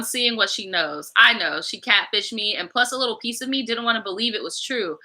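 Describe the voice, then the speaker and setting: A woman's voice: a little high, animated, normal speed, pushed and bright, low-quality recording. A woman hosting a storytime channel, reacting to a viewer's story in blunt, slangy, profane casual chat. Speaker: storytime YouTuber reading viewer stories.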